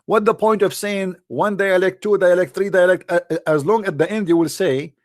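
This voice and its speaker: A man's voice: sits high, steady tone, moderate pace, few pauses, no echo, studio quality. A man delivering an argumentative monologue in non-native English, full of sarcasm and rhetorical questions aimed at his listeners. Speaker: presenter of religious debate videos.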